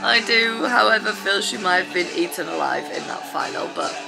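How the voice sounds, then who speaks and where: A woman gushing and squealing excitedly as she reacts to a dance show on TV. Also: medium pitch, a little fast, gravelly, rough recording. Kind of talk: watch-along reaction chat. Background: TV show with music playing.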